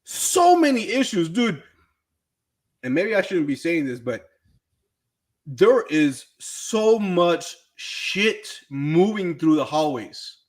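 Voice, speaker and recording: A man's voice: high-pitched, sing-song, slow. A man who is a teacher, talking as a podcast guest in earnest, casual chat, repeating words and saying "dude".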